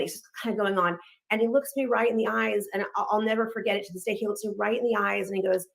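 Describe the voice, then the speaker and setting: A woman in her thirties from Los Angeles, telling her personal story quickly and candidly, acting out bits of dialogue along the way. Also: mid-range voice, creaky. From Los Angeles, United States. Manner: fast, candid, animated retelling with quoted dialogue.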